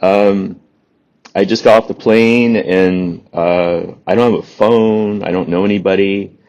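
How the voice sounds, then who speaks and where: A man's voice: low voice, fairly even intonation, a little slow, darkish tone, highs cut off. A man voicing a strange older man who seems to be a gangster out of an old film. The figure has a strong accent. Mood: puzzled. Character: odd older man, out-of-place 1940s gangster type.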